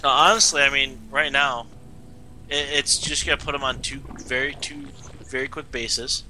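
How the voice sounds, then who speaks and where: Bright-voiced casual male co-caster. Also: mid-range voice, steady tone, normal speed, a little hiss or hum, low-quality recording. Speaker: esports co-caster. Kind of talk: color commentary on a game.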